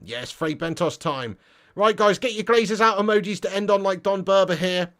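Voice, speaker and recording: A man's voice: sits high, moderate pace. A man hosting a live football fan stream, reading chat comments and ranting bluntly with plenty of swearing. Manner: swearing, blunt, excitable rants. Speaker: football fan channel host.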